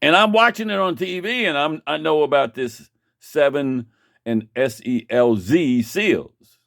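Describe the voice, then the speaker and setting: A man's voice: on the high side, measured pace, vocal fry, fairly bright tone, no echo, studio quality. Rambling, profane storytelling man. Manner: profane, rambling, restarts a lot.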